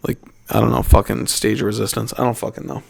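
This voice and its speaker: A man's voice: lowish voice, flat delivery, fast, vocal fry, breathy edge. A young man from Canada hosting a casual solo podcast, rambling and profane, often cutting himself off and restarting. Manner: rambling, profane, self-interrupting. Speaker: podcast host.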